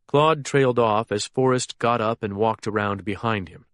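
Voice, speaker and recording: A man narrating a thriller audiobook in a steady, even storytelling manner. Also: fairly low pitch, normal speed, few pauses, clean tone, dry recording, studio quality. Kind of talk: scripted narration.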